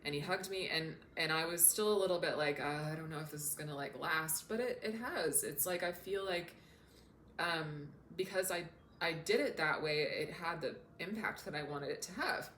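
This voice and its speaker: A woman with a fairly low voice talks casually to her camera as a coach. She sounds earnest and openly emotional. The room is echoey, with a faint hum underneath. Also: moderate pace, fairly bright tone. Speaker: self-development coach.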